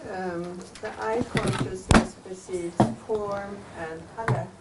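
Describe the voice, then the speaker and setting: Woman asking a question from the floor, quiet, unsure, noisy far-off sound. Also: mid-range voice, fairly even intonation, slow pace. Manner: soft and hesitant. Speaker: audience member asking a question. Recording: noisy and distant in the room.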